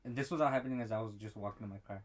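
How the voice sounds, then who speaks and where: A man's voice: fairly low pitch, very fast. A young man, a podcast co-host, in casual profane chat, acting out the people in his story. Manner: profane storytelling, acts out quotes.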